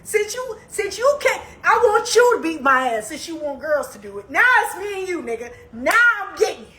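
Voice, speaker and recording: High, bright-voiced woman telling a story. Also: fairly quick, roomy sound, poor audio. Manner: animated, slangy storytelling that swings from calm asides to heated outbursts. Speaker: live streamer. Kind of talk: casual storytelling on a live stream.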